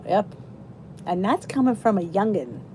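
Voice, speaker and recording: A middle-aged woman hosts a casual live weight loss chat from a cozy downstairs room, greeting viewers by name as their comments arrive and chatting easily. Her mid-range voice is expressive, mellow and unhurried, with slight background noise.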